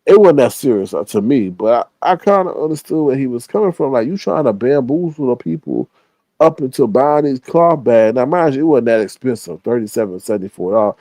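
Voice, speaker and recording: Male stream host, chatty and profane storyteller; mid pitch, dead-dry mic. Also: brisk, no echo, poor audio. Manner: animated, acts out quoted people with higher pitch; profane, slangy. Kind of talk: casual storytelling to a live audience.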